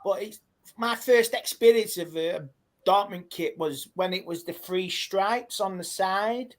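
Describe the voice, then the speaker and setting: Male guest, easygoing, halting, nostalgic chat. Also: high voice. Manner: reminiscing, easygoing, a bit halting. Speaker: guest panelist. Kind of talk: casual podcast chat.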